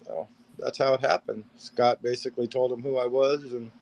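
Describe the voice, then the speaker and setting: A man's voice: medium pitch, steady tone, moderate pace, creaky, darkish tone, low-quality recording. A middle-aged man, a paranormal gear builder, telling rambling anecdotes as a guest on a video call and acting out each line of dialogue. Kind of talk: casual storytelling interview.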